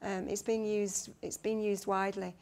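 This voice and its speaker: A crowd can be heard behind a middle-aged guest speaker with a Lancashire accent, a consultant midwife, as she eagerly recounts stories in her conference talk, restarting often. She speaks at a moderate pace in a mid-range voice.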